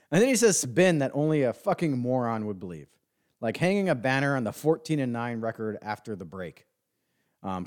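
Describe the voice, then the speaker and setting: Working himself up as he goes, a male sports podcast host delivers a sarcastic, profane rant packed with fillers, his pitch swinging widely.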